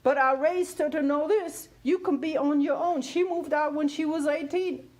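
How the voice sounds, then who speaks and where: A woman in her fifties with a high voice talks frankly about family and identity on a talk show. She laughs easily and keeps checking in with her listener. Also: fairly even intonation, normal speed, a little mellow. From Germany. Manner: candid, laughing, repeats "you hear what I'm saying".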